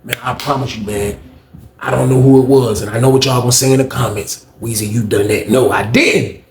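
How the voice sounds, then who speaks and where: A man's voice: mid-range voice, fairly even intonation, a little fast, roomy sound, a little hiss or hum. A man telling a casual storytime, slangy and talking to viewers while acting out the scenes.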